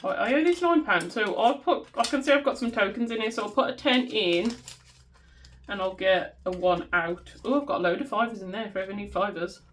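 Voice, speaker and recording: Talking a little fast at medium pitch, with slight background noise, a West Midlands woman with a Black Country accent chats on her budgeting vlog. She sorts cash, hums tunes and laughs at herself.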